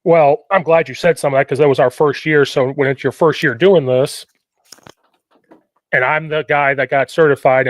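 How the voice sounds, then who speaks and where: A man hosting a podcast, telling coaching stories in an animated way and often quoting himself. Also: mid-range voice, no room sound. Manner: animated storytelling, quoting himself, repetitive questions. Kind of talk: casual podcast conversation.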